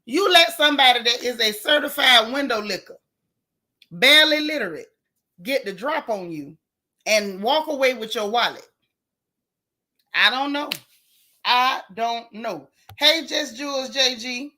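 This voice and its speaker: A woman hosting a casual gossip livestream, sassy and animated, talking straight to her chat. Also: a little high, measured pace, long pauses. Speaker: livestream host.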